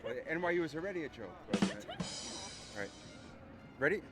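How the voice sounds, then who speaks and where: A man's voice: a little high, big pitch swings, unhurried, over loud music. A man telling a long joke to a camera with theatrical storyteller pacing, outdoors on a city street.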